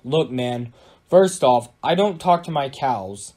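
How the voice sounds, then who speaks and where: A man's voice: medium pitch, lively intonation, slow, a little mellow. A man voicing a reluctant, stubborn hero who answers with grumbling, defiant retorts.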